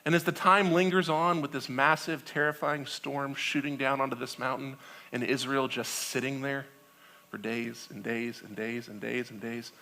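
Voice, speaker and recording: A man in his thirties preaching a sermon, telling the story in a conversational, animated way and asking his listeners "right?" along the way. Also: medium pitch, moderate pace. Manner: animated storytelling, acting out quoted voices; conversational with frequent "right?" and laughs. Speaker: pastor.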